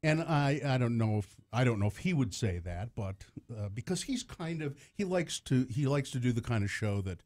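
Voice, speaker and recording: A man's voice: medium pitch, expressive, normal speed, hardly any pauses, darkish tone. A middle-aged man, host of a radio show, telling a story in casual talk and laughing often. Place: radio studio.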